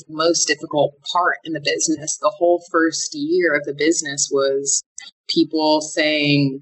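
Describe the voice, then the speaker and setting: Young female founder, low voice, candid and halting interview guest. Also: fairly bright tone, poor audio. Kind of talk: casual interview answers.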